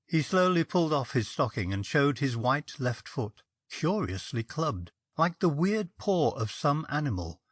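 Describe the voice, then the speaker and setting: A man narrates a ghost story in a measured, expressive reading. His pitch rises and falls freely over a middle register. The recording is dry and close, with no room sound. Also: husky, dry recording. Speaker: story reader.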